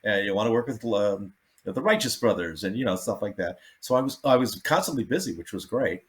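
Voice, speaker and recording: A man, a comedian guest, telling backstage stories in a casual, animated way and acting out the people he quotes. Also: fairly low pitch, a little fast. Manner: animated, acts out quotes, laughs often. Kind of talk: casual storytelling.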